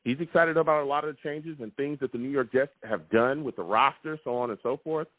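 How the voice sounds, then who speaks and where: A man hosting a live call-in sports podcast, talking emphatically and repeating himself with excitement. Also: mid-range voice, brisk, dry recording. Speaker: sports talk show host. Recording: tinny phone-like, dry sound.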